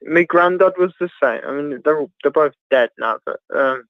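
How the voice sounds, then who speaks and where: A man with a Birmingham accent rambles jokily on a livestream call, full of fillers. His voice sits slightly high. The sound is dry and a little muffled, like video-call audio. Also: moderate pace, no echo. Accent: Birmingham English. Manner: rambling, jokey, many fillers. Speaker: caller. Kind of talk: casual chat. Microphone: joining by video call.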